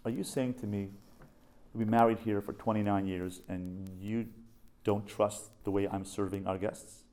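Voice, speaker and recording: A man voicing his middle-aged wife as easily offended, asking hurt, hushed questions. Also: fairly low pitch, steady tone, unhurried. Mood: indignant.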